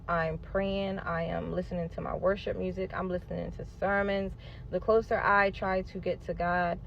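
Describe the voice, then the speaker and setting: A woman telling her own story in a casual storytime monologue, emphatic and animated, acting out what people said and talking straight to her listeners. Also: lowish voice, lo-fi sound, a little hiss or hum. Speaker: storyteller sharing a personal testimony.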